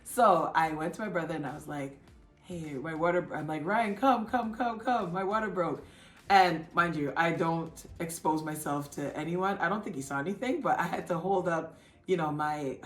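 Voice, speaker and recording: A woman vlogger casually telling her own story in a chatty, animated way. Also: moderate pace. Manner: chatty, animated, acts out others' lines in a high excited voice. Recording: echoey room with faint music.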